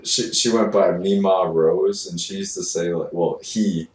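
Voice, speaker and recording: Very deep-voiced young man, rambling. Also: steady tone, a little slow. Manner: rambling, profane, laid-back. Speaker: streamer. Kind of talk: casual chat. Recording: roomy, distant mic, faint noise.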